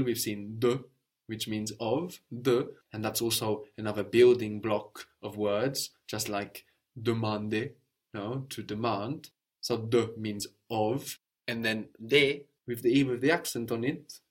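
A man teaching a spoken language lesson, patiently explaining sounds and prompting his learner with questions. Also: lowish voice.

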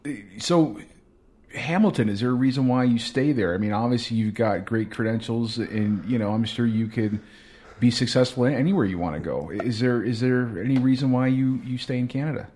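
Male podcast host, mid-pitched, easygoing questioner who reacts with quick exclamations. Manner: short reactive interjections, relaxed swearing. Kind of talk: casual interview.

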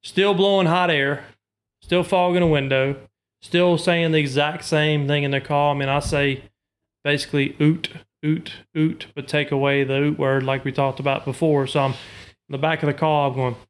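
A man's voice: on the high side, flat delivery, normal speed. A man from Arkansas, explaining duck call technique in a podcast with homely comparisons. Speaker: duck call maker and hunter. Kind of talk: instructional podcast talk.

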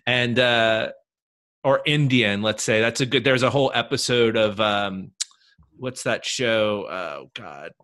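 A man's voice: on the low side, slow, a bit bright. A man hosting a podcast, asking questions in a chatty, informal way that rambles. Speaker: podcast host. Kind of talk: casual interview chat.

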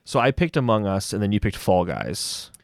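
Low-voiced relaxed man hosting. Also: normal speed, vocal fry, dry recording, clean studio sound. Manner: relaxed, easy laughs, hedging fillers. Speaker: podcast host. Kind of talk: casual chat.

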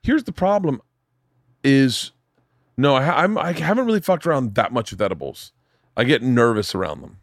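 A man's voice: mid-range voice, big pitch swings, moderate pace, no room sound, studio quality. A middle-aged man hosting a podcast in casual chat, rambling with stammering restarts. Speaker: podcast host.

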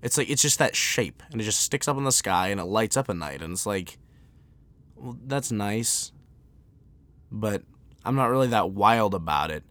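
An American man hosting a podcast, ranting off the cuff in an animated, sarcastic way, full of restarts. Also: lowish voice, moderate pace, long pauses. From United States. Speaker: podcast host. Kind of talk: unscripted comedic rant.

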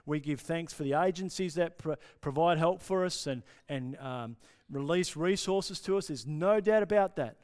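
A male pastor preaching a sermon with passion, dropping to soft pauses for emphasis. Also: on the high side, smooth. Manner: impassioned, with dramatic pauses and drops to near-whisper.

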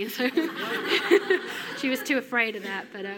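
A woman in her thirties giving a sermon in a conversational, storytelling way with lively asides. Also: medium pitch, moderate pace, hardly any pauses. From United Kingdom. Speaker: preacher.

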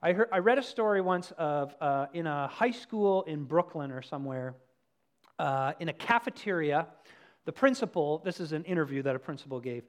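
Animated preacher swinging loud and soft. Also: medium pitch, moderate pace. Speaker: pastor. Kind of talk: sermon.

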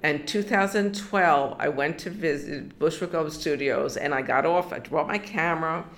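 A woman's voice: sits low, normal speed. An older woman from New York in an oral history interview, telling her story with many restarts and bits of quoted dialogue.

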